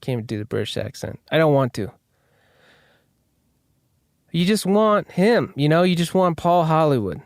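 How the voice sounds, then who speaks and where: A man's voice: on the high side, lively intonation, normal speed, long pauses, dry recording, studio quality. A male host riffing in a casual, rambling, self-deprecating monologue and swearing freely.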